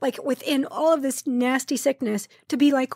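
A middle-aged woman guest in a podcast interview, talking fast and effusively and repeating words for emphasis. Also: high-pitched, steady tone, a little mellow, no room sound, studio quality. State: tearful, choked up.

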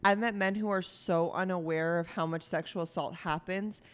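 A woman's voice: on the low side, fairly even intonation, moderate pace, clear, resonant tone, long reverb tail. A young woman talking in casual chat, heated and blunt, swearing a lot.

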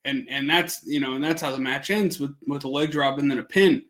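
A man's voice: mid-range voice, fairly quick, a bit bright. A young man telling a long story on a casual podcast, rambling, swearing a lot and laughing as he goes. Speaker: podcast co-host.

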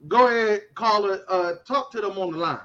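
A man hosting a podcast, talking casually and taking calls with loud joking banter and swearing. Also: sits high, fairly quick, dull audio. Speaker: podcast host. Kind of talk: casual chat taking call-ins.

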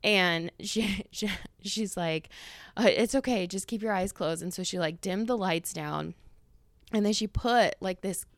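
A woman's voice: mid-range voice, unhurried, dry recording. A woman in her thirties hosting a podcast, chatting in a rambling, casual way full of fillers and quoted asides, a little out of breath. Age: 30s. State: slightly out of breath. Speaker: podcast host. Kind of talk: casual monologue.

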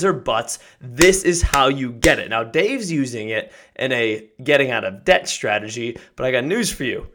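Energetic motivational male podcast host. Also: a little high. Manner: energetic, emphatic, builds to excited shouts.

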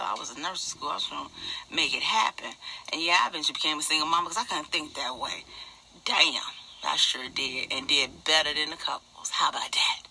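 A man's voice: a little high, gravelly, pushed and bright, slight background noise, heavily acted. A man doing a furious foul-mouthed woman. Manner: profane, fast, indignant ranting. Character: furious middle-aged woman, former nurse, single mother. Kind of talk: ranting stand-up character monologue.

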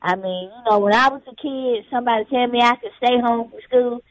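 A woman's voice: fairly high pitch, brisk. A woman guest talking casually in a laid-back, rambling way and laughing often, calling in by phone. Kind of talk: casual interview chat. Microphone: phone call. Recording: tinny phone line.

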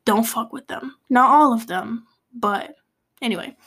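A woman's voice: on the high side, unhurried, fairly bright tone, husky. A young woman from Cape Verde telling a personal story in a casual, confessional way, full of fillers and restarts, sometimes dropping to a whisper. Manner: rambling, many fillers and restarts, drops to a whisper at times.

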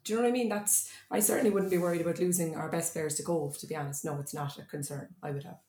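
A woman's voice: low-pitched, steady tone, mellow, reverberant. A woman, a guest on a casual sports podcast, blunt and emphatic. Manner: blunt, emphatic, quick-fire. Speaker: club insider guest.

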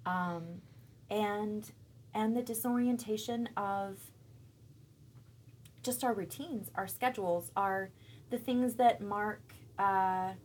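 A woman in her thirties, a church member talking about her faith in a thoughtful, searching way, pausing often to find her words. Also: medium pitch, slight background noise. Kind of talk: reflective faith conversation.

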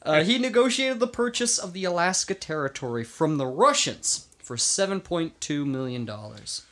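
A man's voice: a little high, sing-song, moderate pace, fairly bright tone. A man hosting a comedy history podcast, telling the story casually, laughing and swearing along the way. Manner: swears freely, laughs often.

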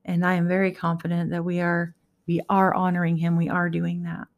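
A woman's voice: on the low side, completely flat delivery, fairly quick. A woman giving an earnest, heartfelt personal faith talk to her viewers, encouraging them. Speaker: Christian vlogger.

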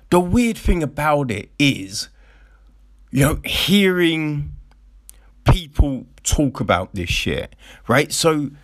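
A man's voice: mid-range voice, fairly bright tone, no echo, studio quality. A man in casual, profane commentary, ranting sarcastically and mocking the people he talks about.

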